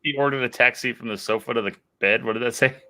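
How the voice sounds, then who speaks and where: A man in casual beer-drinking chat, a relaxed, joking storyteller. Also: medium pitch, fast talker, soft background music. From United States. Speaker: guest YouTuber.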